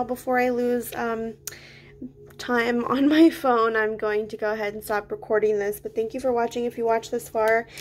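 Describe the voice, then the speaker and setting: A woman's voice: on the high side, poor audio. A woman with a slight lisp doing a casual tarot reading, musing aloud as she draws cards, recorded on a phone. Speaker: tarot reader.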